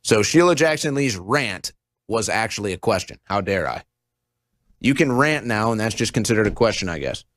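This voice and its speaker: A man's voice: on the low side, moderate pace, dry recording. A man in his thirties hosting a political talk show, commenting with sarcasm and mocking impressions. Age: 30s. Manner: sarcastic, mocking, animated mimicry. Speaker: show host.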